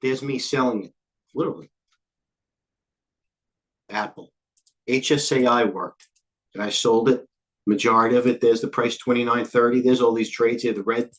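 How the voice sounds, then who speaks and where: An older man hosting a live trading stream, talking quickly and jumping between stock tickers, a little out of breath. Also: mid-range voice, fairly even intonation, fairly bright tone. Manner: rapid, scattered, jumps between tickers. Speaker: trading show host. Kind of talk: live market commentary.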